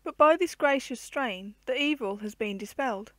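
A woman's voice: on the high side, expressive, normal speed, a bit bright, dry recording. A woman voicing an aged, lonely, poor male hermit who clings to life, in solemn old-fashioned storybook speech.

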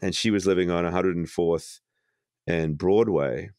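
A man with a low voice talks as a podcast guest, reflective and halting, often starting a phrase over. The sound is dry and close, recorded at home. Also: darkish tone, dry recording. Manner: reflective, halting, many restarts. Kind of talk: casual conversation.

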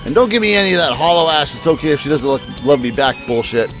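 A man's voice: a little high, expressive, fast, music in the background, lightly acted. A man voicing a crude, taunting inner voice. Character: young man's dark mocking inner voice.

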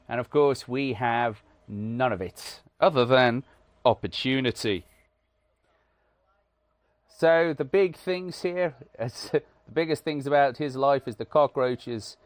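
A British man from the UK chats through a game with dry, self-mocking humour, stopping often on "uh". His voice sits at an ordinary middle pitch. The sound is dead and close, with no room around it. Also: no echo. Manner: dry, wry and self-deprecating, with frequent "uh" fillers. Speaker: gaming channel host. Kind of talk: casual gameplay commentary.

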